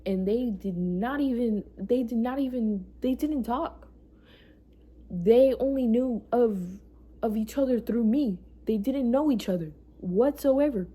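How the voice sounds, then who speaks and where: A woman's voice: on the high side, a little slow, dark tone, husky. A young adult woman telling a personal story in a casual vlog, emotional and profane, often repeating herself for emphasis. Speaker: vlogger.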